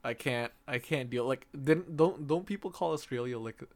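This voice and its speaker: A man's voice: mid-range voice, normal speed. A young man co-hosting a podcast in casual chat, rambling and packing his talk with "like" and "man". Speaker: podcast co-host.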